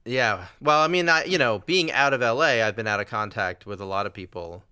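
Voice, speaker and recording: A man's voice: mid-range voice, brisk, sharp tone, clear, resonant tone, dry recording, clean studio sound. A middle-aged man hosting a casual conversation, laughing often and telling a self-deprecating joke. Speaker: podcast host.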